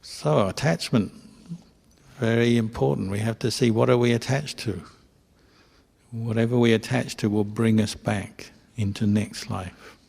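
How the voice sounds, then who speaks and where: A man, a Buddhist monk, telling a teaching story at a retreat in simple, clipped, unhurried phrases. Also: medium pitch, vocal fry, a little mellow, slightly rough, big-room sound. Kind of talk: storytelling dharma talk. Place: retreat hall.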